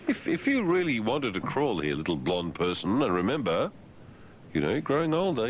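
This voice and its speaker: A man's voice: medium pitch, sing-song, fairly quick, lo-fi sound, slight background noise. A man hosting talk radio, teasing and mock-condescending as he bantered with guests and callers. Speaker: radio host.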